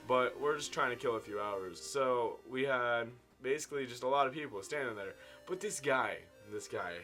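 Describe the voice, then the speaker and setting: A man in his twenties tells a casual story-time tale to his viewers, with big swings in loudness and pitch. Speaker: vlogger telling a story. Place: indoor room at home.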